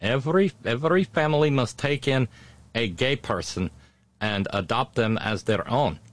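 A man's voice: mid-range voice, moderate pace, voice pushed up, natural voice. A man putting on a mock Russian accent to voice a stern, matter-of-fact Russian wife.

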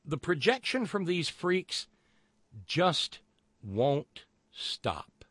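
Sarcastic male commentary host, lively pitch. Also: extremely slow, no echo. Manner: sarcastic, mocking, profane.

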